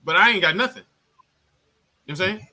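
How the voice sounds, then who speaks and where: A man with a high, bright, forceful voice tells war-era army stories in a loose, profane chat style. He jumps into other people's voices as he goes, animated and blunt. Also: fast. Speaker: army veteran telling a story. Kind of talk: casual storytelling on a live chat.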